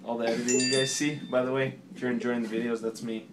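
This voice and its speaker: A man's voice: medium pitch, little pitch movement, fast talker, heavy background noise. A man vlogging in a hospital room as a new father, joking and teasing in casual chat.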